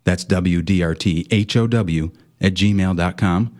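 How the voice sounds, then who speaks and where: A man announcing a radio talk show from a script, measured as he reads out the phone numbers. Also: deep voice, a little mellow.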